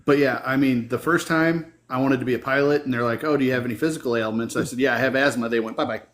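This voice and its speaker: A man's voice: mid-range voice, fast, fairly bright tone. A man chatting casually in a mid-range voice. He talks with dry, self-mocking humor. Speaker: podcast co-host. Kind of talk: casual chat.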